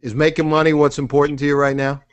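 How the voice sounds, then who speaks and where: Fast-talking, with a clean, rather high voice and no echo, a middle-aged man leads an animated sales training role-play. As the trainer, he poses leading questions and performs the answers himself.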